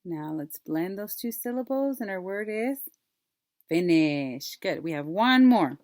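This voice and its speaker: A woman teacher leading a phonics lesson for young children, modeling words slowly and clearly and asking them to repeat. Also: lowish voice, animated, a little mellow, no echo, clean studio sound. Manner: slow, clear, drawn-out word modeling with repeat prompts.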